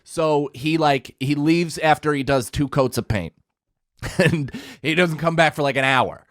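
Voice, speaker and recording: A man's voice: on the high side, a little slow, fairly bright tone, dry recording, studio quality. A man on a podcast mic telling a heated, profanity-laced story in casual chat, acting out what people said. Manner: heated, profane, acts out quotes.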